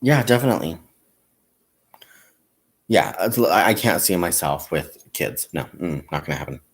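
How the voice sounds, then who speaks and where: Lively, chatty man, laughing often. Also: sits low, normal speed. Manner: chatty, animated, self-mocking, laughs often. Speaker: crafting channel host. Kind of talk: casual livestream chat.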